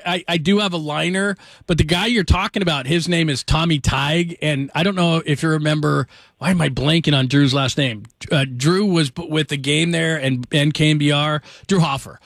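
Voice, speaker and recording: A man's voice: on the high side, steady tone, moderate pace, fairly bright tone, no room sound, clean studio sound. A man hosting a late-night sports call-in radio show, chatting loosely with many "uh" fillers and easy laughs.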